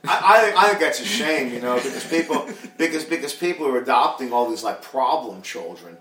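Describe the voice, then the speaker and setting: A man's voice: medium pitch, lively intonation, fairly quick, distant mic, a crowd in the background. A blunt, opinionated man speaks in a casual podcast chat, often stumbling and repeating words before he lands his point. He sits away from the mic, and the room around him rings with echo. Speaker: podcast guest.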